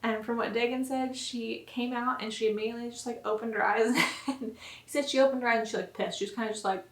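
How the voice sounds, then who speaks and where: A woman's voice: on the high side, fast. Chatty young woman in a roomy space. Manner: chatty, many "like" fillers, animated retelling. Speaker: vlogger. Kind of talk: casual storytelling to camera. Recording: roomy echo.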